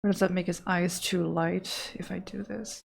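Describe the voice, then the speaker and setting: A woman's voice: lowish voice, flat delivery, moderate pace, vocal fry, breathy edge. A woman from the Netherlands chatting casually with her live-stream audience while she draws, playful and joking, swearing freely.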